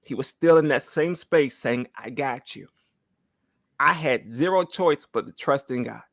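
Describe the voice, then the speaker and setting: A fairly high-pitched, slightly bright voice carries this man's church testimony at a moderate pace, with no echo. In his thirties and holding back tears, he speaks earnestly, repeats phrases, and keeps saying "right?"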